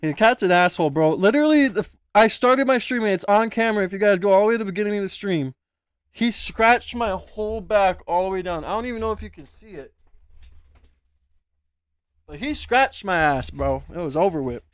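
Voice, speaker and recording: A young man streaming from home, chatting casually and excitably and tossing in "bro" all the time. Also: high-pitched, fairly quick, smooth, dry recording. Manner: excitable, slangy, keeps saying bro.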